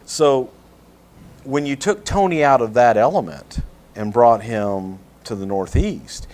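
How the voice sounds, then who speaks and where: A man from Texas with a Southern US accent, telling anecdotes on a podcast in a relaxed, hesitant way. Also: medium pitch, slow. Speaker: podcast guest. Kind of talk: conversational podcast chat.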